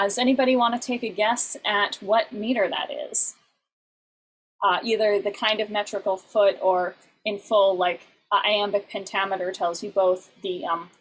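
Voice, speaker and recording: A woman at a medium pitch teaching a class over a video call. She explains patiently and step by step, with frequent small fillers. Faint noise sits behind her voice. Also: poor audio. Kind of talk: online class lecture.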